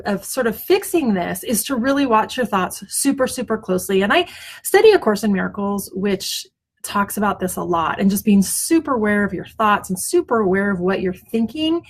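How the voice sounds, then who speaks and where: A middle-aged web designer with a mid-range voice hosts a weekly mindset video about self-talk, chatting casually to camera from home as front-yard noise drifts in from outside. Warm-hearted and chatty, she uses lots of ums and restarts and often glances at her notes.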